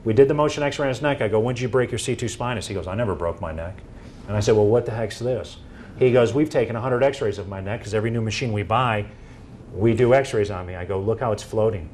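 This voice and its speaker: Animated man giving a talk. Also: on the low side, fast, a little hiss or hum. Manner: animated storytelling, acting out quoted dialogue. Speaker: presenter. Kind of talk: presentation talk to an audience.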